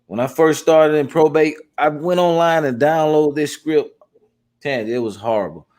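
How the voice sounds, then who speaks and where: A man's voice: on the high side, moderate pace, darkish tone. A man hosting a live webinar, chatty and affirming, telling stories of cold calls. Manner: chatty, affirming, laughs along. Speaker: host.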